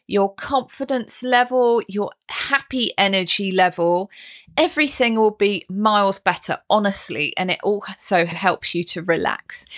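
A woman's voice: on the high side, fairly bright tone. A woman voice coach hosting a podcast, giving tips in a bubbly, encouraging way. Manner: bubbly and encouraging, with playful vocal demonstrations. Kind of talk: instructional podcast talk.

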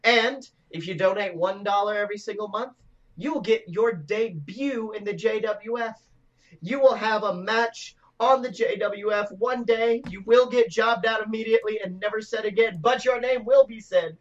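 A man's voice: high-pitched, normal speed. A man co-hosting a comedic wrestling podcast, talking in a playful hype-announcer manner, recorded slightly off the mic with a dull sound. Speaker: podcast co-host.

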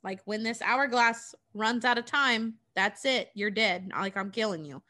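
A woman voicing a cruel, threatening wicked witch who taunts and swears in a shrill voice. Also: a little slow, pushed and bright. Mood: menacing.

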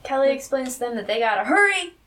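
Woman co-host, level analytical chat, slightly high voice. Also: sing-song, quick pace, a bit bright, recorded from a distance, slight background noise. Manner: matter-of-fact, analytical. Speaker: podcast co-host. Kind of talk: casual chat recapping a TV episode.

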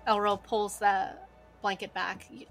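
A woman's voice: mid-range voice, level tone, measured pace, fairly bright tone, faint music behind. A woman narrating as game master in a tabletop game, loose and hesitant, with many fillers.

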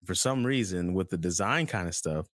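Low-pitched guy hosting a podcast, rambling and jokey, dry close sound. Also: expressive, moderate pace, a bit bright, no room sound. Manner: rambling and playful, jumps between topics. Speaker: podcast host. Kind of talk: casual chat.

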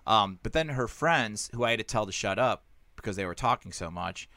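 Comedian, male, low-ish bright voice, dry close sound, crude storyteller. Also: animated, brisk, no room sound. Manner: crude, storytelling, laughs often. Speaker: stand-up comedian. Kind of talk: casual podcast chat.

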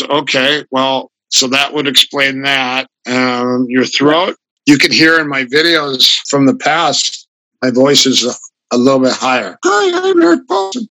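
An older man with a gravelly voice, a grappling coach telling rambling, animated stories in an interview. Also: medium pitch, a little slow, dry recording, poor audio. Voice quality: gravelly voice from a flattened throat. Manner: rambling, animated anecdotes with restarts. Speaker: guest, grappling fighter and coach. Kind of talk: casual storytelling in an interview.

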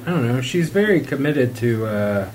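A man's voice: medium pitch, lively intonation, moderate pace, darkish tone, rough recording. A man co-hosting a podcast in casual chat, rambling and playful, full of self-mocking jokes. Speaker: podcast co-host.

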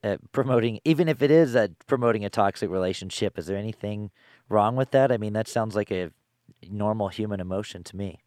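A man's voice: fairly low pitch, brisk, a little mellow, no room sound, clean studio sound. A man interviewing a songwriter, talking things through thoughtfully with many "you know"s. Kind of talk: casual interview chat.

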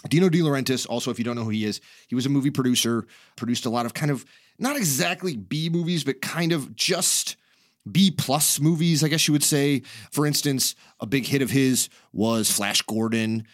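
A man's voice: medium pitch, normal speed, dry recording, studio quality. A man hosting a podcast in casual chat, rambling through stories, laughing often and swearing casually. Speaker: podcast host.

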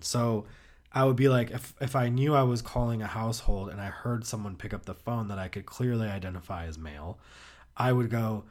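A man's voice: fairly low pitch, dry recording, studio quality. A man hosting his own podcast, telling rambling, profane stories in a laid-back way. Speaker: podcast host. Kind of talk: casual comedic storytelling.

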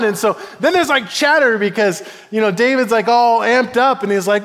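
A man's voice: very high voice, a little fast, few pauses, big-room sound. A man preaching a sermon, telling a story playfully and acting out the voices of its figures. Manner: animated, playful storytelling with acted quotes. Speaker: pastor.

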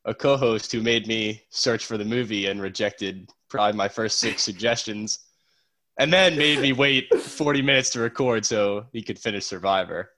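A man's voice: fairly low pitch, normal speed, bright, forceful tone. Stuffy-nosed young guy cohosting a podcast, easygoing, laughs a lot. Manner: laid-back, laughs often. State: congested. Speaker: podcast co-host. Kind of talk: casual chat. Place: isolation room.

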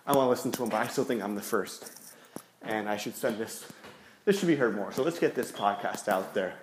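A man's voice: fairly low pitch, brisk. A man hosting a podcast while walking through city streets, rambling and self-mocking, growing out of breath. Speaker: podcast host. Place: city streets outdoors, then stairwell. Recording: noisy street recording. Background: street traffic and clicks.

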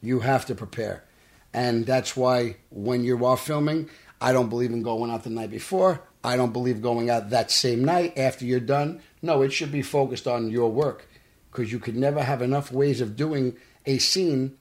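A man tells his story in earnest, at an ordinary middle pitch. He slips into the voices of the people he quotes, as a guest in a studio interview. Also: moderate pace. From Brooklyn, New York. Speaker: actor guest. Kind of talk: casual podcast interview.

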